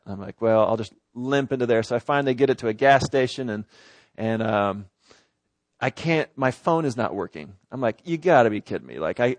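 A middle-aged man who is a pastor, telling a personal story in a sermon with lively, acted-out exasperation. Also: mid-range voice, dry recording. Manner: animated storyteller, acts out his own exasperation.

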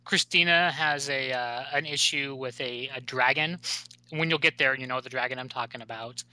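Bright-voiced chatty man, dry sound. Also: mid-range voice, moderate pace, clear, resonant tone, no echo. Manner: chatty, laughs often, many fillers. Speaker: podcast co-host. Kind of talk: casual chat about comics.

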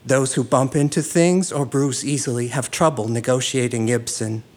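Man, mid-pitched voice, reading a humorous essay, dry wry delivery. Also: steady tone, normal speed, a little mellow. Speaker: essay reader.

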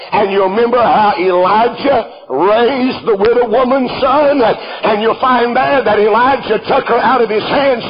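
A man preaching a sermon. He reads scripture aloud, explains it, and calls out to the listener as "friend," swelling into fervent shouts. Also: very high voice, muffled recording.

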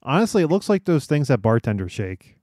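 A man's voice: mid-range voice, big pitch swings, brisk, a little mellow, no room sound, studio quality. A man hosting a casual podcast chat, reading out article details with joking asides. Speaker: podcast host reading news.

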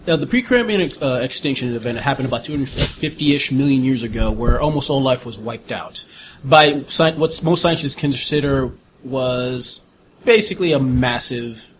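A man's voice: mid-range voice, moderate pace, background noise. A man narrating as game master, explaining in a loose, filler-laden way.

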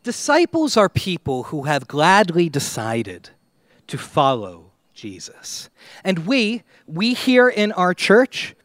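A man preaching a sermon to his church, slow and dramatic, with long pauses and swings between loud and quiet. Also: high voice, huge pitch swings, no room sound, studio quality. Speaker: pastor.

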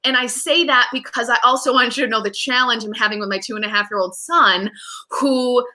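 A woman in her thirties, a real estate agent and mother, chatting as a guest in an animated, talkative way with many fillers and restarts. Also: a little high, fairly quick. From United States. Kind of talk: casual interview chat.

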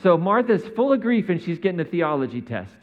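A man preaches in a relaxed, talky way, often tossing rhetorical questions to his listeners. His voice sits a little high. The recording is muffled and rings with a long hall reverb. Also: a little fast. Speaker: pastor. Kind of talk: sermon. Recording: dull sound in a reverberant hall.

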